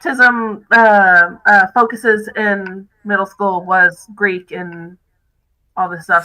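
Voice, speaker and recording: Bright-voiced candid woman. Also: mid-range voice, steady tone, takes it slowly, rough recording. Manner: critical, candid, self-deprecating. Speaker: podcast co-host. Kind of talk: casual chat.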